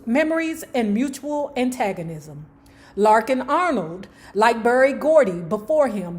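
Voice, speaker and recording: A woman's voice: fairly high pitch, darkish tone. A woman hosting her channel, reading a book aloud and breaking off into slangy, playful asides to her viewers. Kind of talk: book reading with casual commentary.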